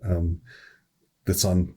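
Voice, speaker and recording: A middle-aged man with a low, husky voice chats casually on a podcast. He rambles through an old work story, restarting his sentences as he goes. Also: flat delivery, drawn-out words, dark tone. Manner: rambling, self-correcting storyteller. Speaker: podcast host, EMS worker.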